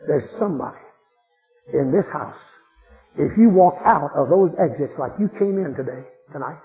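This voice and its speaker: A male preacher telling a dramatic story and making a fervent altar call in a large church with a balcony. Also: high voice. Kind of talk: sermon. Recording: tinny phone-like radio broadcast with faint music.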